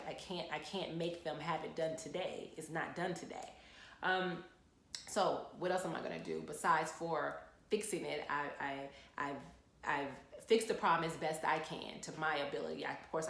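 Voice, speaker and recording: Frank low-voiced woman in an echoey room. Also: vocal fry, slight background noise. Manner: frank, animated storytelling with repeated phrases. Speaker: lawyer. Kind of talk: casual advice talk to camera.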